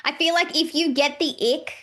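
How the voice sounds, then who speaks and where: A woman's voice: high-pitched, moderate pace. A woman who is a psychic medium, a guest on a casual podcast, talking animatedly and acting out quoted dialogue. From Australia. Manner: animated, acts out quoted dialogue, many "like" fillers.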